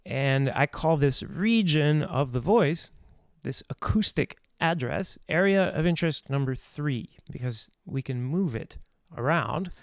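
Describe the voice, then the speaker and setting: A man explains voice technique in a live online talk, thinking aloud and restarting his sentences. His delivery is unhurried, and his tone is clean and smooth. The sound is close and dry, with no room around it. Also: on the high side, dry recording. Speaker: voice teacher.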